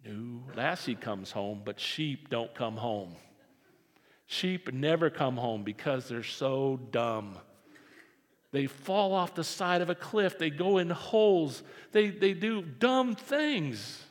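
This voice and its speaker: A man preaching a sermon as pastor, animated and repeating phrases for emphasis. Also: medium pitch, slow pace. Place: church sanctuary. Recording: reverberant hall.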